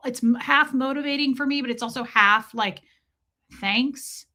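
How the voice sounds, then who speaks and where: A woman hosts a livestream, reading comments and talking straight to chat with candor and free swearing. Her voice is high-pitched, brisk, bright, and forceful.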